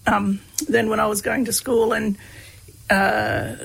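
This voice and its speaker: A woman, a guest telling stories in a relaxed, chatty way with lots of fillers. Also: fairly high pitch, slow pace, creaky, husky, rough recording. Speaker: interview guest, researcher. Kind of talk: casual conversational storytelling.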